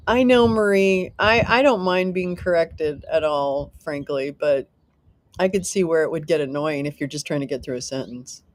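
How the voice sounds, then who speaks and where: Woman chatting on her livestream, laid back slow talker, giggly, jokes at herself, reads chat out loud. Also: fairly low pitch. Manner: self-mocking, swears casually. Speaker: livestream host. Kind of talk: casual live-stream chat with viewers.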